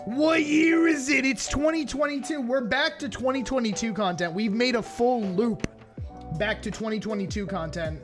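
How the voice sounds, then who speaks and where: A man streaming live, chatting casually and playfully with his audience while reacting to videos. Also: high-pitched. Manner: chatty, playful, talks straight to his chat.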